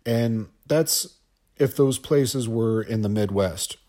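A man's voice: lowish voice, slow pace, warm tone. A man guest-hosting a podcast, rambling through a scene-by-scene movie commentary with stammers, restarts and wry asides. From Ohio.

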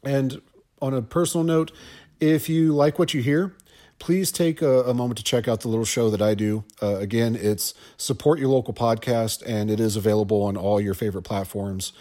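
A man's voice: mid-range voice, fairly even intonation, moderate pace, mellow. A man guest-hosting a podcast, rambling through a scene-by-scene movie commentary with stammers, restarts and wry asides. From Ohio.

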